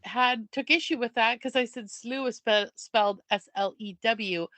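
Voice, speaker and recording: A woman co-hosting a podcast, chatting casually and cracking playful jokes. Her voice is bright, crisp and a little high. The sound is dry and close, with no room around it. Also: no echo. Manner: playful, joking, quick asides. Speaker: podcast co-host. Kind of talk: casual chat.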